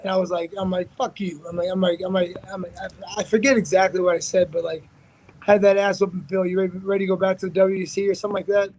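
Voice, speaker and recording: A man's voice: high-pitched, flat delivery, fast talker, a little mellow, rough recording. A man, a fighter being interviewed, telling a story in a rambling, profane way with many restarts. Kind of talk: casual storytelling.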